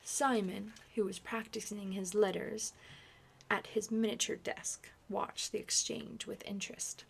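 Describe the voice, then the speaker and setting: A woman reading a novel aloud in a hushed, soft-spoken ASMR style, partly whispered. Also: mid-range voice, steady tone, unhurried, vocal fry, husky. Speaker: ASMR reader.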